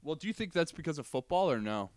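A man's voice: a little high, big pitch swings, fast talker, a little mellow. A young man co-hosting a podcast in casual chat, teasing his friend and laughing often. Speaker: podcast co-host.

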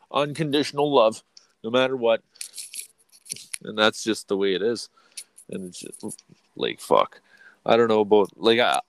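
A man in his thirties co-hosting a podcast, chatting casually with heavy swearing and frequent laughs. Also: fairly low pitch. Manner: profane, rambling, laughs often. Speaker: podcast co-host. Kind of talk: casual chat.

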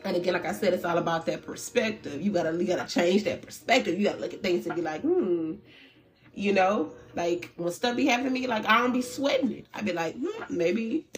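Brisk and lowish in voice, this tarot reader keeps her reading casual, full of animated candor, slang and swearing.

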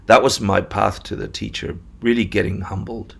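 Gravelly husky-voiced man from Argentina. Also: lowish voice, steady tone, moderate pace. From Argentina, Buenos Aires. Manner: candid, self-deprecating, frequent restarts. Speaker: Buddhist teacher, guest. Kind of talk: conversational storytelling.

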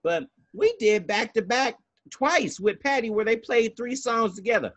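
A man's voice: high-pitched, moderate pace, a bit bright. A man co-hosting a podcast in casual chat, sassy and emphatic, cursing freely. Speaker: podcast co-host.

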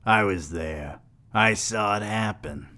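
A man's voice: fairly low pitch, takes it slowly, bright, forceful tone, voice pushed up. A man voicing a brash, boastful older woman at a bar who talks bluntly and crudely, reading a story aloud. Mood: insistent.

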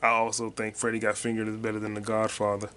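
A man hosting his own podcast in loose, profane, slangy chat, with excited bursts and quiet mutters as he reads comments. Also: fairly low pitch, fast, a little hiss or hum. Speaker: podcast host. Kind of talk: casual solo podcast chat.

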